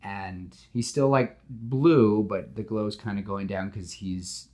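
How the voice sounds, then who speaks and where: A man hosting a podcast, telling a story in casual, animated chat with lots of fillers. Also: fairly low pitch, slow pace. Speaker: podcast host pitching a story.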